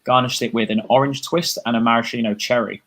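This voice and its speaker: A man's voice: mid-range voice, steady tone, quick pace, a bit bright. Easygoing cocktail man, full of "like"s. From United Kingdom. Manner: easygoing, enthusiastic, filler-heavy with "like". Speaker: bartender and co-host. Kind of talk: casual live tasting chat.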